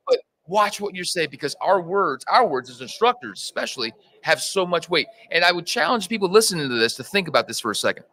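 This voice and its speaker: Fire instructor, male, tells stories with lots of pitch swing, bright tone. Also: quick pace, hardly any pauses, a little hiss or hum, low-quality recording. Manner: animated storyteller, acts out dialogue. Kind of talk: conversational storytelling interview.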